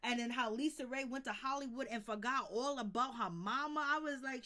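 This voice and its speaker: Woman on a late night livestream, kinda high bright voice, cussing and chatting with her viewers. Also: moderate pace, few pauses. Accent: Baltimore. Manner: loose, profane and chatty, greets viewers by name. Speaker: livestream host.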